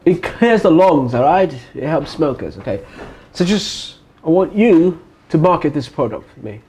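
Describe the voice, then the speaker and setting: A man's voice: a little high, lively intonation, normal speed, mellow, husky. A man playing a stern, exasperated interviewer in a comedy skit, with music playing under him.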